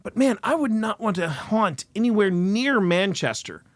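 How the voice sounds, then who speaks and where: Animated, high-voiced podcast host. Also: male voice, moderate pace, dry recording. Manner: animated, laughing, stumbling restarts. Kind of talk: casual reaction commentary.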